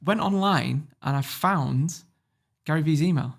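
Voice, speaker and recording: A man with a British English accent, a podcast guest telling a story in a blunt, sweary and animated way. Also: on the high side, unhurried, creaky. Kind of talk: casual storytelling.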